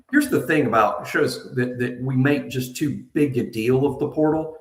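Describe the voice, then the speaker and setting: A man's voice: medium pitch, measured pace. Man in an echoey empty room. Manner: emphatic, repeats himself. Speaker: co-host. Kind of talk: casual sports talk. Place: nearly empty house being moved out of.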